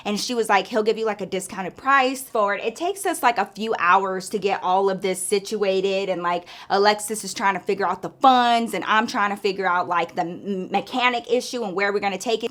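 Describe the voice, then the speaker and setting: A woman's voice: mid-range voice, normal speed, few pauses, a bit bright. A woman vlogger telling a story in casual chat, swearing freely and packing her talk with fillers. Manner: profane, chatty, full of filler "like".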